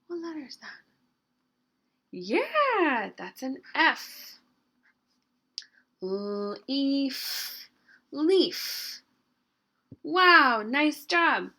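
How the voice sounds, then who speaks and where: Woman teacher, slightly high voice, unhurried, sounds out words slowly for young kids. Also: very animated. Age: adult. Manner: slow, stretched-out sounding of words, gentle coaxing questions. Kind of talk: early-grade writing lesson, modeling spelling.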